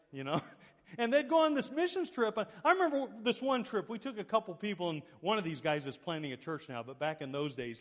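High-voiced and sounding like he's in a big room, this pastor preaches a sermon full of animated stories. He acts out the quoted voices of the characters.

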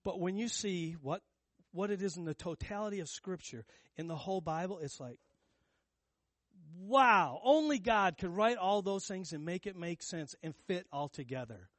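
Guy preaching, chatty but emphatic, kinda high voice, dry sound. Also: lively intonation, normal speed, no echo. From United States. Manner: conversational, emphatic preaching with rhetorical questions to the congregation. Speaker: pastor. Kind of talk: sermon.

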